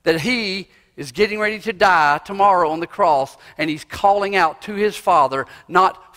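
A male pastor preaching a sermon in a church, swinging from loud cries to hushed asides. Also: high voice, normal speed, few pauses. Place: church sanctuary. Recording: long reverb of a church hall.

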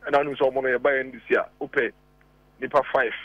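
A man with a Ghanaian accent calling in as a radio guest, arguing deliberately with rhetorical questions, heard over a phone line. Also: mid-range voice, fairly even intonation, no room sound. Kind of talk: radio talk show discussion.

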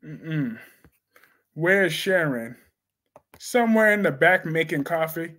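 A young man hosting a casual soap opera live stream, chatting and laughing as he reads viewer comments in a slangy, animated way. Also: fairly high pitch, slow pace. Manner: animated, laughing, slangy, reacts loudly to chat.

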